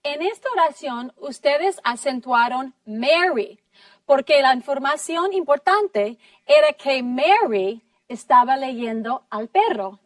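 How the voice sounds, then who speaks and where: A high-voiced woman teacher talks slowly and deliberately, sounding out each sentence for her class and praising answers. The sound is dry, picked up from a little distance. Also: lively intonation, no room sound. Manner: slow, deliberate, encouraging, models sentences clearly. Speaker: English teacher. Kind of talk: classroom lesson in two languages.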